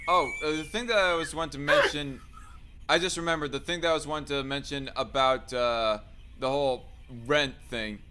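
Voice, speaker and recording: A man's voice: a little high, normal speed, bright, forceful tone, slight background noise. A man hosting a podcast, talking in a casual, hesitant way and often correcting himself. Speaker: podcast host.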